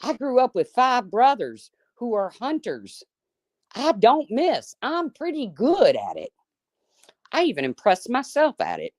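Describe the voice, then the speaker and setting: A woman's voice: on the high side, huge pitch swings, measured pace, darkish tone, dry recording, studio quality. A middle-aged woman hosting a live chat, talking bluntly and swearing freely, reading viewers' names aloud between folksy stories. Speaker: livestream host. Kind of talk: casual live chat, storytelling.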